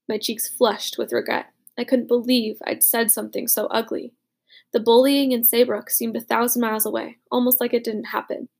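A woman narrating a chapter book in a measured, reflective way. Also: fairly high pitch, little pitch movement, creaky, a little mellow, breathy edge. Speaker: audiobook narrator. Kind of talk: storybook narration.

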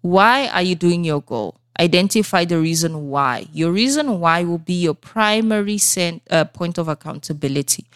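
A woman with a lowish, animated voice hosts a solo motivational podcast from South Africa, talking at normal speed with few pauses and a smooth delivery. She speaks directly to her listeners in an earnest, coaching tone, checking in with them often. The studio-microphone recording is clean, studio quality, with no echo.

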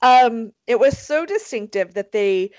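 Animated, foul-mouthed woman podcast host. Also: on the high side, unhurried, dry recording, highs cut off. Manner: animated, swears freely, lots of fillers. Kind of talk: casual chat.

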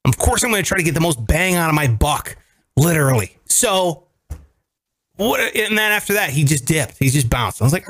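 Male radio host, lively storyteller, fairly high voice, swoops up for quoted lines. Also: moderate pace. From greater Cleveland area. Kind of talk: casual chat.

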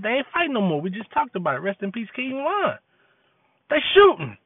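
A man's voice: very high-pitched, sing-song, a little fast, no echo. Preachy man on a tinny line. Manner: preachy, repetitive, street slang. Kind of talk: impassioned monologue. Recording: tinny phone-like dry audio.

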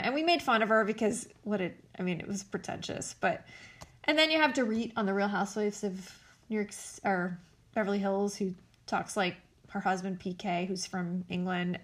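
A woman's voice: mid-range voice, fairly bright tone. A woman hosting a casual commentary show, blunt and sarcastic, swearing freely as she talks.

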